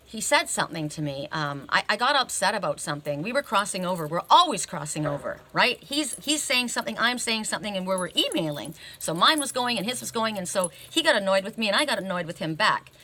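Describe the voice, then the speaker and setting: A woman's voice: mid-range voice, expressive, brisk, pushed and bright. A woman reading oracle cards, telling a personal story in a chatty, emphatic way and often checking in with "right?". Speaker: oracle card reader.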